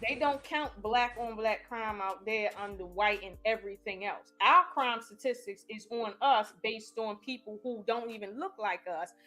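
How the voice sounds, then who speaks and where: Higher-pitched woman on a stream panel, emphatic and argumentative, faint music under her. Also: normal speed, few pauses, pushed and bright. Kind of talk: casual live-stream debate.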